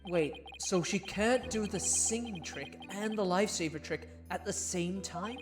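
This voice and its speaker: A woman voicing a wry adult male defense lawyer who reacts in a dry, deadpan way, in a fan voice-acted game. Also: mid-range voice, measured pace, over music, natural voice.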